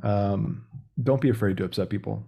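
A man's voice: lowish voice, moderate pace, gravelly, warm tone. A young man speaking as a podcast guest about sales, talking directly and acting out phone calls. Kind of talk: casual interview talk.

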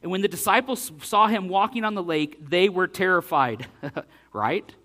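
Animated preacher man, slightly high voice. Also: normal speed. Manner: animated, acting out scripture dialogue with big swings in loudness. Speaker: pastor. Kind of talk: sermon with scripture reading.

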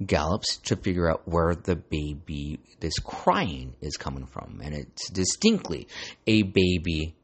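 A podcast host tells a story in loose, rambling chat. His low voice is gravelly with vocal fry. He swears freely and drops slang as he goes. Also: lively intonation, measured pace. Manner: rambling, profane, slangy with lots of "dude".

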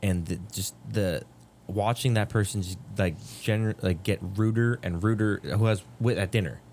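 A man's voice: on the low side, normal speed, a little mellow, slight background noise. A man on a podcast, chatting casually and earnestly giving his opinions. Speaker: podcast co-host. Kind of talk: casual chat.

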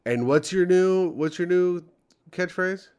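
A man's voice: high voice, a little slow, a little mellow, smooth. A young man co-hosting a comedy podcast, rambling and joking in casual chat. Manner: joking, rambling, puts on silly voices.

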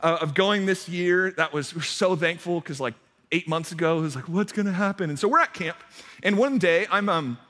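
A man's voice: high voice, moderate pace, sharp tone. Chatty young man preaching in a reverberant hall. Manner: chatty, self-deprecating, many fillers and restarts. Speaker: youth pastor. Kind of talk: casual sermon with storytelling. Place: church hall.

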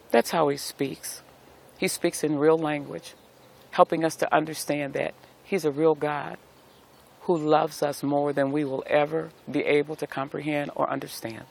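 A man's voice: fairly high pitch, level tone, normal speed, creaky. A middle-aged man giving a devotional talk outdoors, speaking as a pastor with a preacherly cadence and repeated phrases. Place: outdoors in nature.

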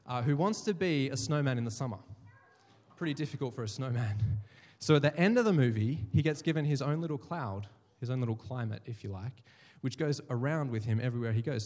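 A male pastor preaches in a church hall, his mid-pitched voice carrying a long reverb tail. He tells stories and slips into the voices of the people he quotes. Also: darkish tone. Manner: storytelling, acts out quoted voices. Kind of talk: sermon.

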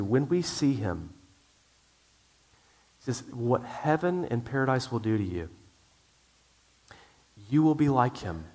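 A man's voice: medium pitch, darkish tone. A middle-aged male pastor preaching a sermon in an earnest way, with frequent restarts.

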